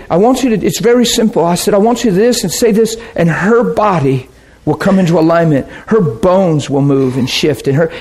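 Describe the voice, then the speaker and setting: Animated man preaching a testimony. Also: high-pitched, husky. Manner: animated, laughs often, breaks into sound effects. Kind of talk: sermon storytelling.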